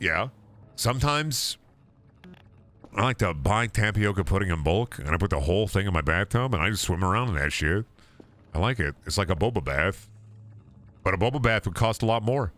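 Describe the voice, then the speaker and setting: A young man streaming a game, rambling in a self-mocking way and swinging into loud mock outrage. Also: lowish voice, expressive, moderate pace. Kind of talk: casual gaming stream chatter.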